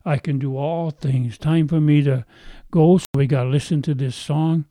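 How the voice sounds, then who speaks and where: Brief: man preaching a sermon, slightly high, mellow voice, earnest drawn-out emphasis. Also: no room sound. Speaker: pastor.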